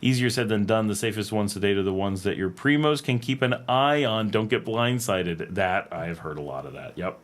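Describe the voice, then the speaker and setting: American man, low voice, livestream host, rambling casual chat, reads viewer comments, laughs often. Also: brisk, hardly any pauses. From North America. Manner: rambling, animated, laughs often, many fillers. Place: home in Nicaragua.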